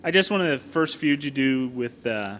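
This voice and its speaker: A man asking brief, low-key questions in a casual interview. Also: animated, normal speed, a bit bright, slight background noise.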